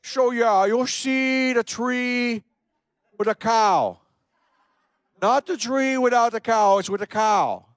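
A man putting on a German accent to play an immigrant construction boss giving slow, rambling directions. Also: very high voice, expressive, clean tone, no echo, studio quality, voice pushed up, exaggerated voice. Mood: instructing. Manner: slow, emphatic, deliberate.

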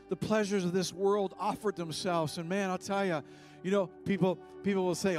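A man's voice: high-pitched, a little fast, gravelly. Impassioned male pastor preaching over music. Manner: impassioned, swings from hushed to raised. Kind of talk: sermon. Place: church service.

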